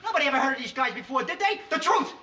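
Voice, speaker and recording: An actor playing a wounded, bossy gangster in a 1960s sitcom, with a curt, sneering delivery. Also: male voice, extremely high pitch, very animated, very fast, pushed and bright, exaggerated voice. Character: wounded tough male gangster, bossy and sarcastic. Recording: dull 1960s TV audio, hiss, laugh track.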